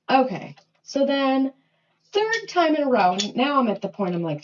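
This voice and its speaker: A woman's voice: high-pitched, big pitch swings, normal speed, slight background noise. A woman, a mother, venting on a casual livestream, heated and swearing, rambling with lots of fillers. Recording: dull lo-fi phone audio.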